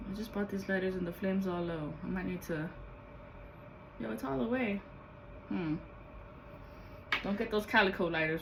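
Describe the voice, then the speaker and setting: A woman giving a rambling, excitable spiritual vlog monologue as a card-reading guide, swearing freely. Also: mid-range voice, a little slow, a little hiss or hum, poor audio.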